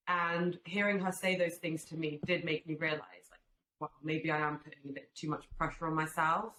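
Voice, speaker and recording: A young woman with a low voice speaks earnestly and reflectively, with frequent fillers and restarts. She is recorded in an echoey room with faint background noise. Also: little pitch movement, moderate pace, bright, forceful tone. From Albanian family, raised in UK. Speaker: guest, swimwear brand founder. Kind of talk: casual podcast chat.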